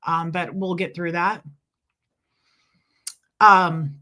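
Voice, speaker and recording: A woman hosts a casual livestream, her voice hoarse from being sick yet still bright and forward. She chats freely, greeting viewers by name and reading their comments aloud. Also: mid-range voice, animated, measured pace. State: hoarse from illness. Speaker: livestream host.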